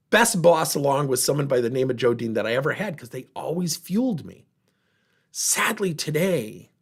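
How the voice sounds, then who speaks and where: A man's voice: on the high side, husky. A man giving a motivational workshop talk, telling stories and acting out the people in them. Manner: animated storyteller, voicing others in dialogue. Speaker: workplace trainer and speaker.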